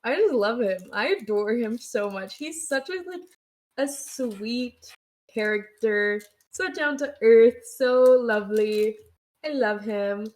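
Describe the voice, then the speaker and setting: A woman's voice: fairly high pitch, slow, darkish tone. A woman co-hosting a casual podcast, gushing and giggly. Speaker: podcast co-host. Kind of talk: casual chat.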